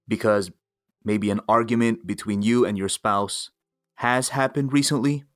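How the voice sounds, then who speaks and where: Male minister, mid voice, measured and pastoral, soft music behind. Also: mid-range voice, dry recording, clean studio sound. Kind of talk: measured religious guidance.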